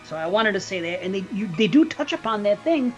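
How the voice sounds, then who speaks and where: A woman's voice: mid-range voice, very animated, a little fast, lo-fi sound, soft background music. A woman co-hosting a podcast in casual chat, blunt and swearing freely, laughing often. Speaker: podcast co-host.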